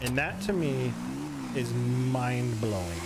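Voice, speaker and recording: A man's voice: mid-range voice, sing-song, takes it slowly, gravelly, heavy background noise. A man streaming a roleplay game, chatting casually and talking to himself as he plays. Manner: rambling, talks to himself while playing. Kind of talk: casual gameplay commentary.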